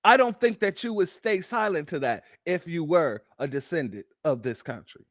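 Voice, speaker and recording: A man hosts political commentary, ranting over news clips in a blunt, mocking way and firing off rhetorical questions. His voice is fairly high and fairly bright, animated, at a moderate pace. The sound is studio quality with no echo.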